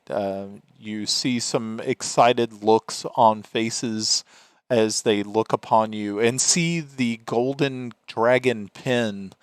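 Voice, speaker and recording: Slow, hesitant male game master. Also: on the low side, smooth, dry recording, studio quality. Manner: hesitant, many fillers. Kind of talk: narrating a tabletop game.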